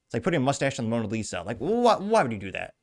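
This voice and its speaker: A man's voice: mid-range voice, wildly swooping pitch, rapid-fire, darkish tone. A male podcast host with a middle-range voice, going through headlines and viewer comments. His delivery is casual and sarcastic, full of wry asides between the quoted lines.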